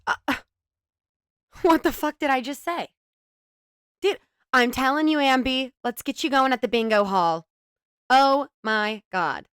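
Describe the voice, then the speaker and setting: A woman's voice: high voice, a little slow, pauses often, a bit bright, clear, resonant tone, no room sound, studio quality. A young woman hosting a reaction video, sarcastic and giggly, swearing freely as she comments.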